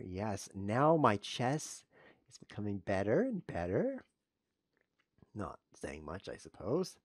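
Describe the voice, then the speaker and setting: A man's voice: fairly low pitch, gravelly, husky, no room sound, studio quality. A man commentating live while he plays chess online, joking dryly at his own expense and yelping when he blunders. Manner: self-mocking deadpan jokes with sudden yelps over blunders.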